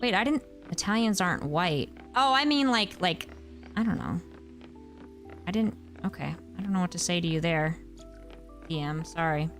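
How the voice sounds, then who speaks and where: A woman's voice: on the low side, animated, moderate pace, pauses often, fairly bright tone, soft background music. Chatty young woman streaming a game. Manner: rambling, chatty, reacts to chat. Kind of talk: casual gameplay stream chat.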